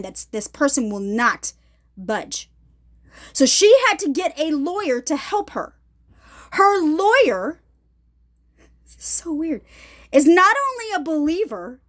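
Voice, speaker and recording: A middle-aged woman giving an emphatic, casual testimony vlog from her ministry, checking in with her viewers often. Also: sits high. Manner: emphatic, addresses viewers directly with repeated check-ins. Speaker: ministry vlogger.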